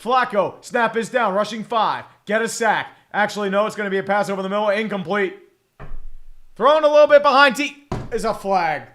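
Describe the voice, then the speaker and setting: A young man with a rather high voice calls a football game live, swearing and cracking sarcastic jokes between plays. He drops into mumbled asides, then jumps up loud for the big moments. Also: fairly quick. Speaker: streamer doing live play-by-play and reading donations. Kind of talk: casual live play-by-play commentary.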